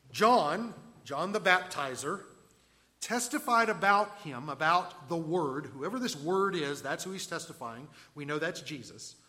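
A man preaching a verse-by-verse sermon in a conversational way, asking the listeners questions and swinging between loud emphasis and quiet asides. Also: fairly high pitch. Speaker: pastor. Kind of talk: expository sermon.

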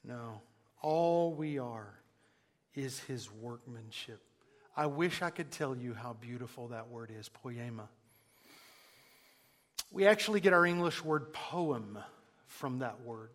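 A man preaching a sermon, emphatic, moving between hushed and loud passages. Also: mid-range voice, animated, takes it slowly, pauses often. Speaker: pastor. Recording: long hall reverb.

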